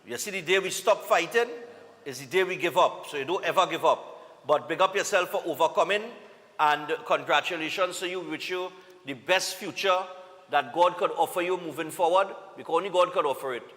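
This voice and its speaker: Animateur trinidadien à la voix claire et aiguë. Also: male voice, fairly high pitch, fairly quick, fairly bright tone, in a large hall. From Trinidad and Tobago. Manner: casual, upbeat, reads greetings with local slang. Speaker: morning show host. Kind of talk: live TV greetings segment.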